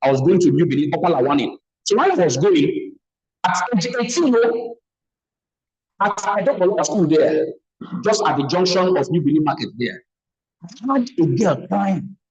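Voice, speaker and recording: A middle-aged Nigerian man with a fairly high voice speaks at a seminar on a video call. He tells personal stories in an earnest way and repeats phrases for emphasis. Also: animated, moderate pace, darkish tone, muffled recording. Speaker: speaker on trauma healing. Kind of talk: motivational seminar talk.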